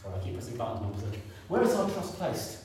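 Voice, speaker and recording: A man's voice: medium pitch, very animated, rapid-fire, a little mellow, a little hiss or hum. A man in his fifties preaching a sermon in a conversational way, repeating points and asking the congregation questions. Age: 50s. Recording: echoey room, picked up from a distance.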